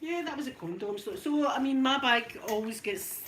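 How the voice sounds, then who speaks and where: A woman's voice: high-pitched, moderate pace, background noise. Chatty Scottish woman telling stories. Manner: chatty, animated, laughs often. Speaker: ASMR channel host. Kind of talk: casual storytelling while ironing.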